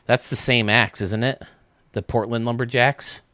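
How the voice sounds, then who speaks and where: A man's voice: mid-range voice, fairly even intonation, normal speed, sharp tone, no echo. A man hosting a casual gaming stream, rambling and thinking aloud as he works, with frequent laughs. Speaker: streamer and game designer host.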